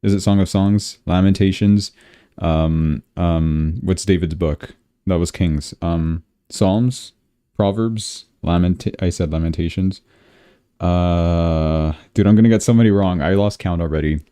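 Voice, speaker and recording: A man's voice: low-pitched, measured pace, dark tone, clean tone, no echo, clean studio sound. A young man from Canada, hosting a crypto livestream in a rambling, casual way and often saying "dude".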